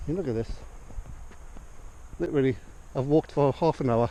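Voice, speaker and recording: A young man with a Northumbrian accent chats while out on a country walk, thinking aloud about whatever comes to mind. His voice is mellow and relaxed, and he breaks off now and then to talk to his dog. A faint noise runs behind him outdoors. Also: mid-range voice, normal speed. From North East England. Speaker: vlogger. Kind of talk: casual rambling chat.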